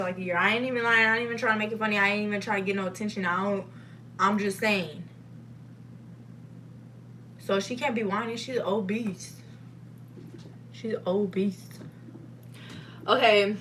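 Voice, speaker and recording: A young woman, livestreaming from her home kitchen, loud and animated, swearing as she rambles. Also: mid-range voice, a little hiss or hum. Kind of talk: casual live stream chat.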